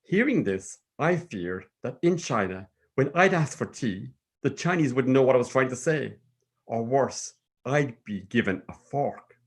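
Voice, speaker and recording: A man with a Cork Irish accent telling a personal story in a measured, sing-song way. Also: mid-range voice, expressive, breathy edge. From Ireland.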